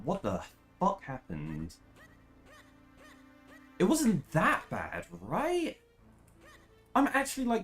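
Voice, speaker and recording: A young woman speedrunning a game, commentating live, swearing freely and ranting in frustration before rushing into technical explanations. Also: a bass voice. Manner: swears a lot, rants in frustration, then explains in a rush.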